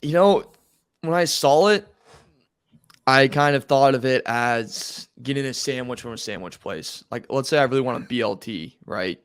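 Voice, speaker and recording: A man's voice: medium pitch, expressive, moderate pace, clean tone, no echo, clean studio sound. A man co-hosting a sports podcast, talking football in a laid-back, casual way with everyday comparisons. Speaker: podcast co-host.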